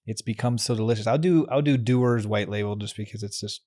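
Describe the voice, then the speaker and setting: A man's voice: fairly low pitch, quick pace, a little mellow, no echo, clean studio sound. Easygoing man co-hosting a podcast. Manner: easygoing, joking, savoring. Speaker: podcast co-host. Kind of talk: casual chat.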